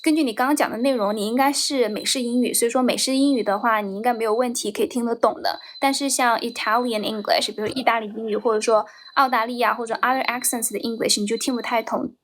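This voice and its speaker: A woman's voice: on the high side, fairly even intonation, fast talker, few pauses, a bit bright, a little hiss or hum. A woman with a Chinese accent coaching a caller on a livestream from her grandmother's home, encouraging and asking tag questions. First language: Mandarin Chinese. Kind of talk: live-stream coaching chat. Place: home room, grandmother's house.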